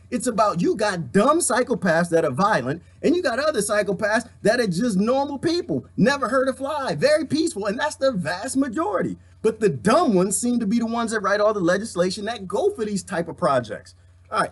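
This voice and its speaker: A man's voice: high-pitched, very animated, moderate pace. Exasperated man ranting to his viewers. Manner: exasperated, emphatic, addresses viewers as y'all. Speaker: vlogger reacting to news clips; parent. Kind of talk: casual ranting commentary.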